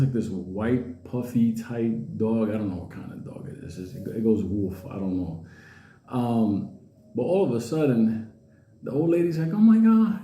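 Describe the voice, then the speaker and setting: A man telling a comedic story in a rambling, casual way, laughing at his own jokes and putting on high voices for the characters. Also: dark tone, roomy sound.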